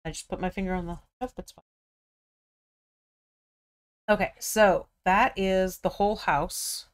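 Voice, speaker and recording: A woman's voice: medium pitch, steady tone, measured pace, smooth. An American woman hosting a live miniature painting stream, chatting casually and thinking aloud as she works.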